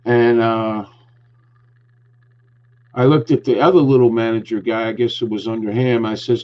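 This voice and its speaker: A podcast host on his talk show tells an angry story, ranting heatedly with lots of swearing. His voice is medium-pitched and a little slow, and the recording sounds dull and lo-fi.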